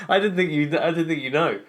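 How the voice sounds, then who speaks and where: A man with a British accent, co-hosting a podcast in relaxed chat, laughing often and using lots of fillers. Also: a little high, a little fast. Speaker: podcast co-host. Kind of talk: casual chat.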